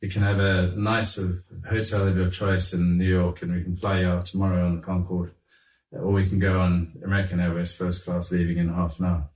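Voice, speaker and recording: A middle-aged man telling anecdotes in an animated, chuckling way, acting out what others said. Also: low-pitched, brisk. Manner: animated, chuckling raconteur who acts out quotes. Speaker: guest telling stories. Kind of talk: anecdotal storytelling. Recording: roomy, distant mic.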